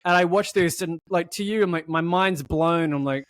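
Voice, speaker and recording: Kuru, yakın mikrofonda konuşan bir adam; hızlı, coşkulu ve küfürlü bir podcast sohbeti. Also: male voice, on the high side, moderate pace, no room sound. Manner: animated, swearing, acts out voices mid-story. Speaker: podcast co-host. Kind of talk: casual conversation.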